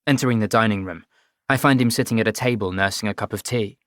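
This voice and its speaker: A man narrating a first-person audiobook in a measured, even storytelling voice. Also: on the low side, no echo, studio quality.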